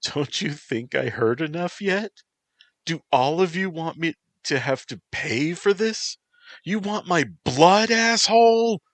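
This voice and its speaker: Guy doing a high, emotional young woman, begging, teary. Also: unhurried, a bit bright, no room sound. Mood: furious. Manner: pleading, emotional, tearful. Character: volatile, heartbroken young woman actress.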